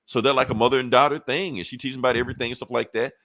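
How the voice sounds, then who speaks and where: A man's voice: medium pitch, fairly even intonation, rapid-fire, bright, forceful tone, no room sound, studio quality. A man on a podcast recapping a comic book in a loose, casual way, swearing often and using many fillers. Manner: loose, profane storytelling with frequent fillers. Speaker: podcast co-host.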